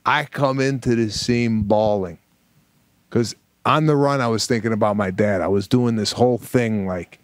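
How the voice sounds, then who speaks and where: A middle-aged man, a comedian co-hosting a podcast, telling a story with animated energy and acting out the dialogue. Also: mid-range voice, no room sound. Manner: animated, acts out dialogue, fast bursts. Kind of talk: comic storytelling.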